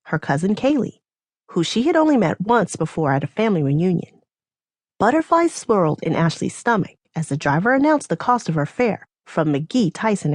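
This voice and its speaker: A woman narrating an audiobook in a scripted, expressive reading style. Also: lowish voice, no room sound, clean studio sound.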